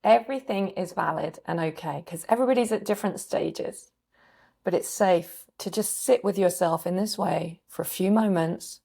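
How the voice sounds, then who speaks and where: A woman coach gently guiding a calming practice, sighing often, her throat a bit scratchy. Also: lowish voice, normal speed, creaky, husky. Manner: gentle, permissive guiding with frequent sighs. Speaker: recovery coach. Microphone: desk mic on a video call.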